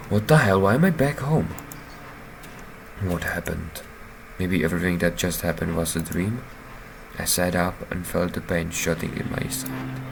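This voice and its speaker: A man's voice: sits low, vocal fry. A man playing a story game, reading the narration aloud and breaking off with sworn exclamations. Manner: swears and exclaims in reaction. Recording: music playing underneath.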